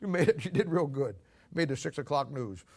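A man preaching a folksy sermon, telling road-sign jokes and personal stories with animated swings between loud and hushed delivery. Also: a little high, brisk. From Missouri, USA. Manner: animated storytelling, swings from loud to quiet, laughs at own jokes. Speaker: pastor.

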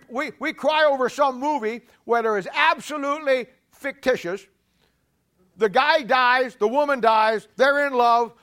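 A man preaching a sermon to a congregation, animated, repeating himself often and swinging between loud and hushed. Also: very high-pitched. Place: church before a congregation.

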